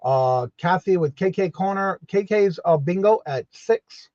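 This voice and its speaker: High-voiced man greeting his live chat. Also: expressive, measured pace, darkish tone, dry recording. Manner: greets chat viewers one by one, repetitive and upbeat. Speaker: live-stream host. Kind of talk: casual live-stream greetings and announcements. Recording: dull lo-fi dry audio.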